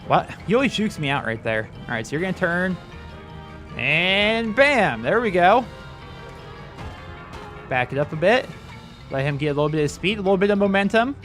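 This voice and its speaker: Chatty, lively-voiced young man gaming. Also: sits high, moderate pace, long pauses, faint music behind. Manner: rambling, chatty, exclaims at the game. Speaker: gaming channel host. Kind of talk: casual let's-play commentary.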